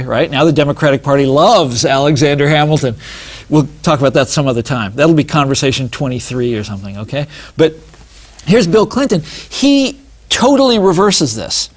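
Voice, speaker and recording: A man talking as an author and interview guest, animated and digressive, with many asides and restarts. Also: mid-range voice. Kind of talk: casual interview talk.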